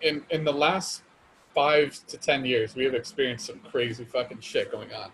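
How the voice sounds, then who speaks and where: A man's voice: medium pitch, moderate pace, a bit bright, a little hiss or hum. A young man co-hosting a podcast in casual chat, rambling and swearing, with many restarts. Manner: rambling, profane, restarts a lot. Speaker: podcast co-host.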